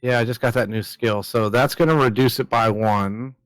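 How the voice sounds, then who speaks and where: A man with a mid-pitched voice plays in a casual tabletop game. He talks bluntly, swears freely, and thinks through the rules out loud. The recording is dry and close. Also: fairly even intonation, normal speed, no echo, poor audio. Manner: blunt and profane, checking rules aloud. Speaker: player.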